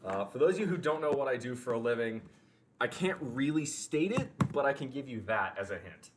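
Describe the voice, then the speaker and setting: A man with an easygoing Southern American accent chats on a livestream, ribbing his viewers and reading their comments aloud. His voice sits at an ordinary middle pitch. A faint hiss stays under it. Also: very animated, fairly quick. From Deep South of the US. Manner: joking, teasing, reading chat aloud. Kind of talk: casual livestream chat.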